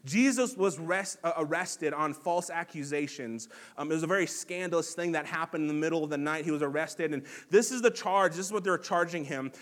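Male pastor, high voice, earnest conversational sermon delivery with fillers and restarts. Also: a little fast, hardly any pauses, a bit bright. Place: church sanctuary.

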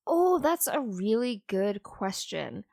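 A woman's voice: medium pitch, sing-song, slow pace, vocal fry, darkish tone, dry recording, studio quality. A woman co-hosting a casual technical podcast, thinking aloud with hedges as she works through ideas. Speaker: podcast co-host.

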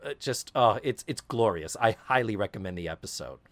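A man co-hosting a podcast in casual chat, telling stories in an animated, profane way. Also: lowish voice, a little fast. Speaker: podcast co-host.

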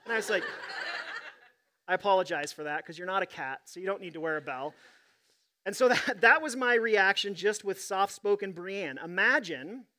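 A man's voice: high-pitched, pushed and bright. A man preaching a sermon as pastor, reading scripture and telling stories in a conversational, humorous way.

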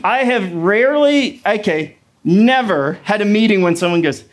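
High-voiced pastor preaching casually. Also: male voice, lively intonation, normal speed, hardly any pauses. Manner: conversational storytelling with playful asides. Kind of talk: sermon.

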